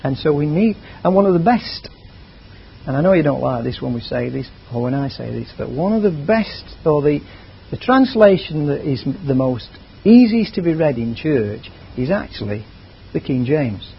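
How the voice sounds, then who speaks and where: A man's voice: a little high, very animated, normal speed, gravelly, a little hiss or hum. A man preaching a sermon in a chatty, conversational way, drifting into asides. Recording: dull lo-fi recording.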